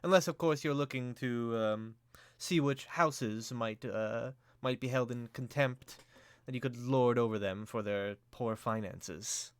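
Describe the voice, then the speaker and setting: A man voicing a sly, scheming male noble moneylender in a tabletop game, smooth and insinuating. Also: medium pitch, a little slow, no room sound, close to an everyday voice.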